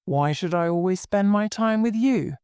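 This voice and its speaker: A reader voicing a spoiled, quarrelsome young woman in an audiobook, going high and shrill when angry. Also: expressive, normal speed, a little mellow, smooth, no echo, studio quality, lightly acted. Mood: cross. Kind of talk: audiobook reading.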